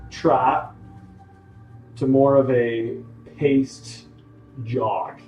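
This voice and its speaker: A man's voice: medium pitch, steady tone, drawn-out words, a little mellow, faint music behind. A man running a tabletop game as game master, narrating casually with frequent restarts, recorded in an echoey room. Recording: echoey room, faint noise.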